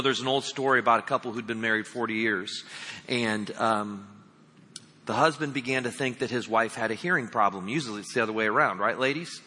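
A man's voice: mid-range voice, bright, forceful tone. A man preaching a sermon as pastor, talking emphatically and calling his listeners friends. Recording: long reverb of a large hall.

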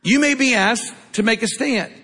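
A man's voice: very high voice, normal speed, pushed and bright, breathy edge, big-room sound. A man preaching a sermon in a conversational way, asking the congregation to answer back. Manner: conversational preaching, asks the crowd for responses. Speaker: pastor.

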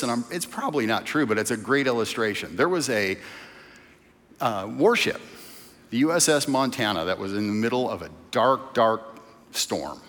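A male pastor delivers a casual, story-driven sermon with a lively, swinging pitch. His voice carries the long reverb of a church hall. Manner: conversational preaching, tells stories.

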